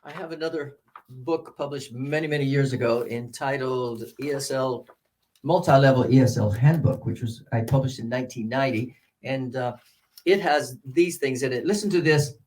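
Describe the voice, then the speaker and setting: An older American man teaching English pronunciation, drawing out example words and swinging between loud and soft. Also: medium pitch, moderate pace.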